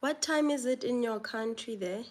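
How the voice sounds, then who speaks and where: A woman's voice: a little high, moderate pace, darkish tone. A woman from South Africa with a South African accent, hosting a casual live chat and reading out viewer questions before answering them. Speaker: livestream host.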